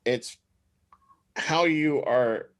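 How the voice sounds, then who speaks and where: Man in his thirties, podcast host, rambling casual chat, medium pitch, laughs often. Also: very slow.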